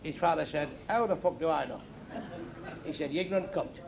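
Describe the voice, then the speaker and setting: A man's voice: fairly high pitch, brisk, gravelly. A man doing a stand-up routine, telling blunt, crude jokes to a live club audience. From England. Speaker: stand-up comedian. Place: comedy club stage. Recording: live club recording with noisy laughing crowd. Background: audience laughter and chatter.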